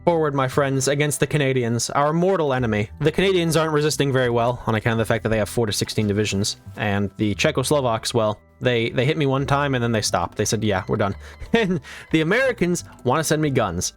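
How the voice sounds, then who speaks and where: A young man talks quickly through a strategy game playthrough, firing off sarcastic, irreverent jokes as he goes. His pitch sits around the middle for a man, and faint music plays underneath his voice. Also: expressive. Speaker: gaming video creator.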